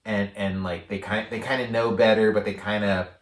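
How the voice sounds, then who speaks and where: A man's voice: fairly low pitch, level tone, moderate pace, far from the mic. A man co-hosting a casual film review chat, talking in a loose, rambling way full of fillers and restarts. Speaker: podcast co-host. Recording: roomy sound, a bit off the mic.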